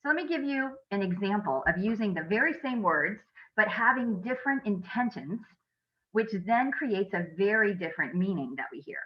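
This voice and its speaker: A woman coach talks through a webinar over a video call. Her audio sounds a little dull and muffled. She explains earnestly, pausing on "um" and asking her listeners rhetorical questions. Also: mid-range voice, expressive. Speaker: leadership coach giving a webinar talk. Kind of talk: interactive webinar presentation.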